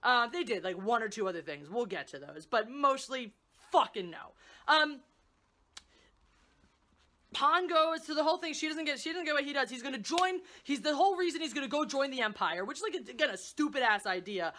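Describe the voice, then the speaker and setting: Female reviewer, high and lively, sarcastic and profane rant. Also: fairly quick. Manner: sarcastic, profane, animated ranting. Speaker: movie reviewer. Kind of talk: ranting casual review.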